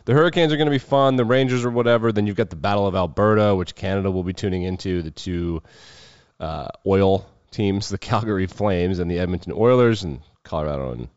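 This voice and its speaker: A man's voice: low voice, a little fast, a little mellow, smooth, no room sound, highs cut off. A man hosting a sports show, riffing off the cuff on games and clips with a wry, sardonic edge. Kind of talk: casual sports commentary.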